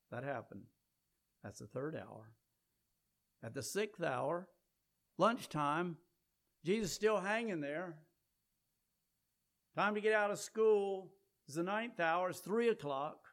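A man preaching a sermon, swinging between loud emphatic peaks and low quiet passages.

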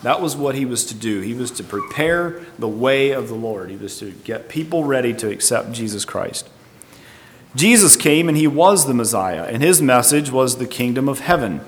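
A male preacher works through scripture verse by verse, thinking aloud and sometimes admitting uncertainty. His voice sits at an ordinary middle pitch. A long reverb trails each phrase, as in a large hall. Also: lively intonation, moderate pace, a little hiss or hum. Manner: thoughtful, tentative, explaining verse by verse. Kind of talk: Bible teaching sermon.

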